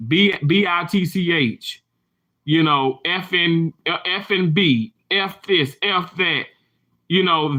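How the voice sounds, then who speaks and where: A man talking straight to his viewers in a casual, candid way. His voice is pitched a little high, with a bright, forceful edge. He tells his story with animated energy.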